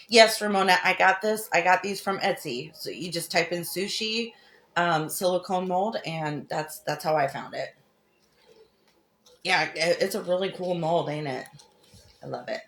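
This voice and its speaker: A woman's voice: lowish voice, a bit bright, slight background noise. A middle-aged woman hosts a crafting livestream, chatting affectionately and greeting viewers by name while she demonstrates.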